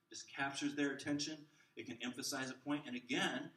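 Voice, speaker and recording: A man teaching a class of children's ministry workers, jumping between loud bursts and soft near-whispers to show how to use the voice. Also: medium pitch, fairly quick. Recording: roomy echo, mic at a distance.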